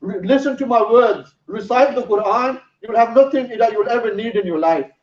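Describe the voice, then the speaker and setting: A man's voice: extremely high pitch, a little fast, darkish tone. A man giving a sermon, telling a story in an earnest way. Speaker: preacher. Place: mosque hall. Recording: roomy, distant, dull sound.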